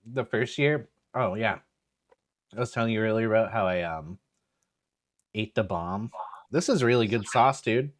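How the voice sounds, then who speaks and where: A man's voice: on the low side, moderate pace, pauses often, no room sound, studio quality. A man hosting a podcast, chatting casually and laid-back, saying "dude" often. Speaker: podcast host. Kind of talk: casual chat.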